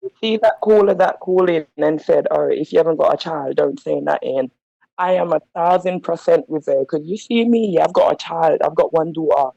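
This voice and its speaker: A woman's voice: sits low, a little fast, gravelly, mellow, no echo, highs cut off. A woman calling in to a phone-in show, speaking heatedly and emphatically in slang because she is upset. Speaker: caller. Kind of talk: impassioned phone-in rant.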